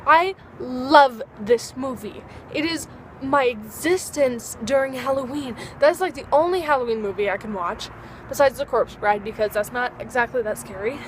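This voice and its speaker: A teenage girl speaks to the camera at a moderate pace in a high-pitched voice while vlogging outside as dusk falls. She rambles in a bubbly, casual way, playing out small dialogues, and a little hiss or hum sits under the audio.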